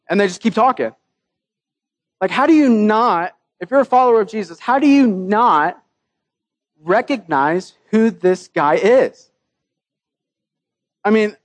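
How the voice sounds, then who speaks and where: Joking, high-voiced male preacher. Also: no room sound. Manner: casual and joking, reads scripture aloud. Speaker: pastor. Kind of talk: sermon.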